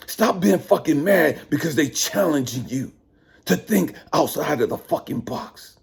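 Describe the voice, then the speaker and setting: A man's voice: on the high side, animated, measured pace, creaky, husky. A middle-aged man hosting his channel, delivering a profane, preachy monologue with heavy emphasis. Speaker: channel host. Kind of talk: ranting monologue.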